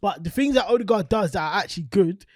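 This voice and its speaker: A man's voice: sits high, animated, fast. A man co-hosting a football talk show, repeating himself to hold the floor. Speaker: podcast co-host. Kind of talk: casual football banter.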